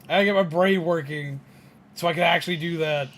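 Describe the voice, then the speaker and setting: A frazzled, excitable man streaming a game live, exclaiming and thanking viewers, with game music behind. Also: a little high, fast talker, a little hiss or hum. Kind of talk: live gaming stream chat.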